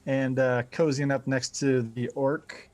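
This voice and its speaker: A man's voice: mid-range voice, flat delivery, a little slow, darkish tone. A man playing in a tabletop game, easygoing and a little sly. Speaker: player. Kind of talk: casual tabletop play.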